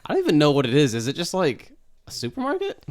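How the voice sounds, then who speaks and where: A man's voice: fairly high pitch, huge pitch swings, fast talker. A man co-hosting a podcast, chatting loosely with lots of fillers about a TV episode. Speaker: podcast co-host. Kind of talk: casual chat recapping a TV episode.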